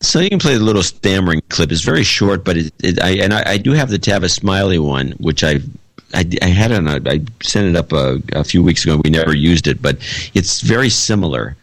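A man's voice: sits low, expressive, a little fast, no echo. A man co-hosting a podcast in casual chat, rambling with frequent restarts. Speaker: podcast co-host.

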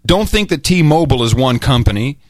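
A middle-aged man co-hosting a casual podcast, telling stories in a rambling, animated way. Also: mid-range voice, fairly quick, no echo. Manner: rambling, animated storytelling, with many restarts. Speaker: podcast host. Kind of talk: casual chat.

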